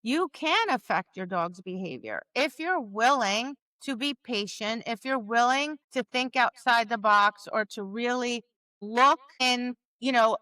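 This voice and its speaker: Woman, podcast co-host, dog trainer, emphatic chat, high-ish voice, bright tone. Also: no room sound. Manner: emphatic, acts out barking and quotes. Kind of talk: casual conversational chat.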